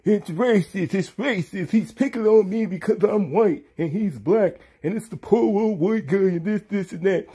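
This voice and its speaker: A man's voice: high voice, moderate pace, few pauses, warm tone, breathy edge, voice pushed up. A man voicing a whiny grown man who cries that he is being picked on, in a mocking imitation. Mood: whining. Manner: mocking, whining.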